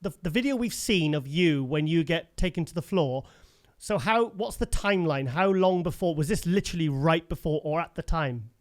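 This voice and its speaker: Interjecting man with a high-ish voice. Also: lively intonation, moderate pace. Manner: interjecting, clarifying questions, short affirmations. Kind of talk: casual interview.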